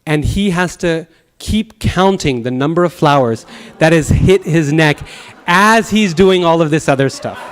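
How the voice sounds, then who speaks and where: Animated man telling teaching stories. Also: fairly high pitch, unhurried. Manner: animated storyteller with chuckles and restarts. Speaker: Sanskrit teacher. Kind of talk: lecture with anecdotes. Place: temple class.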